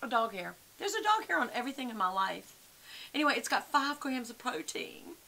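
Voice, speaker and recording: A chatty woman talks straight to her camera at home, rambling from one thing to the next and calling her viewers y'all. Her voice is bright and forward, over a faint hiss in the recording. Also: a little high, sing-song, a little fast, vocal fry. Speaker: vlogger. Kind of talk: casual chat to camera.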